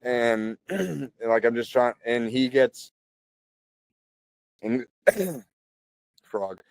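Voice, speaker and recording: A man in his thirties, a podcast guest, talking in a relaxed, chatty way full of "like" and "you know" and clearing his throat often. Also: mid-range voice, drawn-out words, no echo. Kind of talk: casual conversational storytelling.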